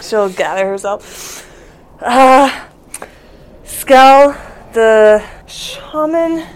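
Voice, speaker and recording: A woman's voice: fairly high pitch, animated, drawn-out words, smooth, rough recording. A woman player voicing her deputy character in a tabletop game, dropping into character outbursts. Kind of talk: tabletop role-play.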